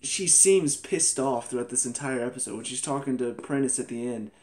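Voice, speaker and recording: A man's voice: medium pitch, fairly quick. Chatty, laughing young man reviewing TV. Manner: animated, laughs often, exclamatory. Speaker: TV episode reviewer. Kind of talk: casual review vlog.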